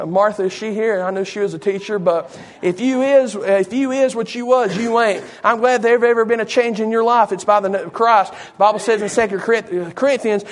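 A man's voice: sits high, a little fast, few pauses. A male preacher delivering a sermon in a folksy way, often turning to the congregation with asides.

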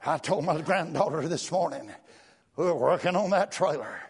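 An older man delivers a revival sermon at a high pitch. His voice is gravelly and husky. He preaches in fervent, rhythmic bursts and starts nearly every phrase with "uh.". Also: lively intonation, normal speed. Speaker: guest preacher. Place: church.

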